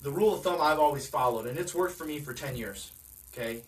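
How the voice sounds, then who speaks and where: A man's voice: fairly high pitch, quick pace, far from the mic, rough recording. A man giving a direct, conversational sales training talk, often asking his listeners questions. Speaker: real estate sales coach.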